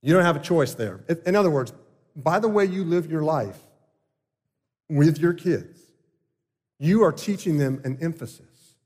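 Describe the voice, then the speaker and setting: A man's voice: a little high, expressive, darkish tone. Earnest preaching man in a reverberant hall. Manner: earnest, emphatic preaching with pauses. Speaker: pastor. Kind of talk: sermon.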